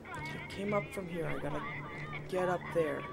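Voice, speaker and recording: A woman's voice: lowish voice, normal speed, gravelly. A young woman giving let's-play commentary to her viewers, exasperated and self-mocking, on a home mic that cuts out. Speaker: gaming channel host. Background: game music.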